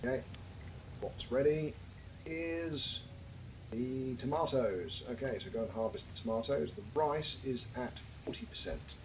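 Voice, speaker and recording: A man's voice: medium pitch, unhurried, noisy background. A British man casually commentating his game stream with dry, wry asides. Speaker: gaming live streamer.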